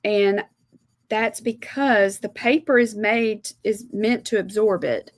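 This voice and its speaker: Slowly and with fairly even intonation, a woman with a mid-range voice and a Southern American accent guides viewers step by step through a live watercolor demo. She's an art instructor from South Alabama, USA, chatty and homey, and the recording has no echo.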